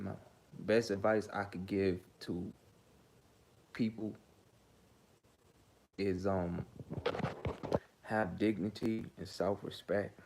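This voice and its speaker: A man's voice: lowish voice, a little mellow. A man hosting his own commentary vlog, ranting heatedly, stammering and repeating himself. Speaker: host.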